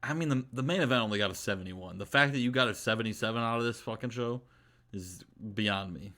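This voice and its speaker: A man's voice: medium pitch, quick pace, sharp tone. A man co-hosting a podcast, giving dry, laid-back reactions in casual chat. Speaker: podcast co-host.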